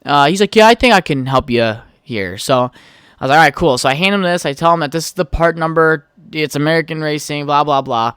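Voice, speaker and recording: A man's voice: on the high side, brisk, fairly bright tone, smooth, no echo, clean studio sound. A young man hosting his own podcast, telling a heated, profane story in a casual rant. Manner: profane, heated storytelling, trails off while texting. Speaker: podcast host.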